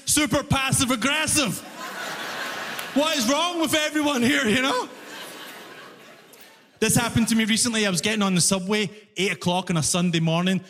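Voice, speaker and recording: A young man who moved to Toronto, doing a stand-up comedy set and telling an animated story with acted-out voices. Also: high-pitched. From immigrant living in Toronto. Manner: animated storytelling, acts out quoted voices, laughs often. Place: comedy venue with audience. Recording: live hall reverb, faint ambience.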